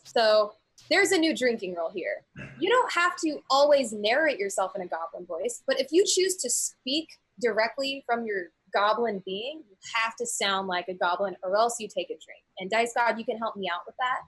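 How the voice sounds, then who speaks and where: Young woman game master, chatty with ums, slightly high voice, dry close sound. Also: animated, moderate pace, a bit bright, slightly rough, no room sound, poor audio. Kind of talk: casual recap of a tabletop game.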